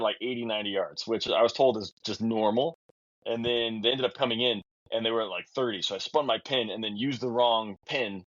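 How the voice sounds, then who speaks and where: A man hosting a podcast, chatting casually and sharing his own hunting mishap in a relaxed way. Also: on the low side, fast, no room sound. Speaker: podcast host. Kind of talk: casual chat. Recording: dull, slightly muffled sound.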